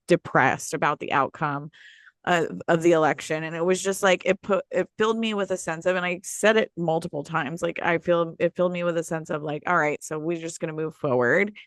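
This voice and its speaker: A woman's voice: fairly low pitch, a bit bright, no echo, studio quality. A woman co-hosting a podcast in casual chat, talking in a rambling, nostalgic way with trailing restarts. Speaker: podcast co-host.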